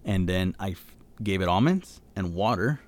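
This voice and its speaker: Male podcast co-host, low pitch, relaxed rambling storyteller, loose grammar. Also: moderate pace. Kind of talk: casual storytelling.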